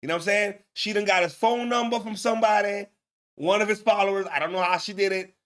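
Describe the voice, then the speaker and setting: Man, high voice, slangy profane livestream host. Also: steady tone, quick pace, fairly bright tone. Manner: slangy, profane, laughs often. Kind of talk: casual live-stream commentary.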